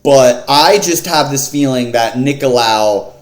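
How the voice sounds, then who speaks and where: Breaking down an MMA fight card, a vlogger speaks at a measured pace in a medium-pitched voice. His talk is loose, slangy, and packed with fillers, and the room has an echo.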